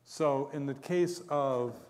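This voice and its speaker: A man lecturing at a conference, his voice sitting at an everyday middle pitch. He rambles through stories, chuckles often and pokes fun at himself, with a long hall reverb behind every word. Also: slow, a little mellow.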